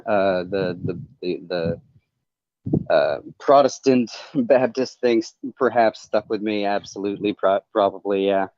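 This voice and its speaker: Deep-voiced man, halting earnest chat. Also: darkish tone, dry recording. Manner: halting and rambling, many restarts; earnest, confessional. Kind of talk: casual chat on a livestream call. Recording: dull, dry lo-fi call audio.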